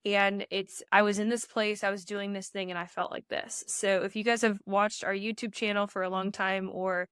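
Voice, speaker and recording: This pageant coach, a young woman far along in pregnancy, talks at normal speed with few pauses in a clean, mid-range voice, recorded in an echo-free studio. Though slightly out of breath, she gives emphatic, energetic advice directly to "you guys."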